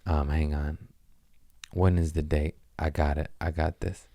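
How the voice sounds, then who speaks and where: A man's voice: rumbling low, flat delivery, measured pace, mellow, no room sound. A man hosting his own podcast, rambling through a casual comedic monologue with self-mocking asides and playful voice shifts. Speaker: podcast host.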